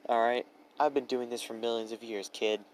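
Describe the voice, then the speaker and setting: A man's voice: medium pitch, fairly even intonation, moderate pace, slight background noise, close to an everyday voice, low-quality recording. A man voicing a teasing ancient trickster god. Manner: teasing, pouty and breezy.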